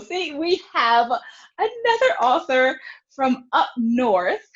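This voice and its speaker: A woman hosting a children's reading show, introducing her guest in a welcoming manner. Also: high-pitched. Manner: lively, welcoming. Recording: dull lo-fi recording.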